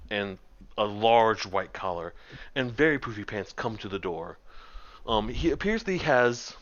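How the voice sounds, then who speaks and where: A man's voice: on the low side, a bit bright, highs cut off. A man narrating as game master of a tabletop game, rambling with many ums and restarts.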